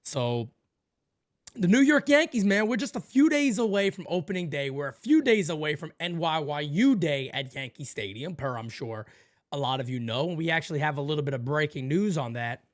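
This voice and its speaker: Animated man hosting a sports podcast. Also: a little fast. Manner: animated storyteller, acts out high squeaky voices; laughs often, joking. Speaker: podcast host. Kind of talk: casual sports podcast chat.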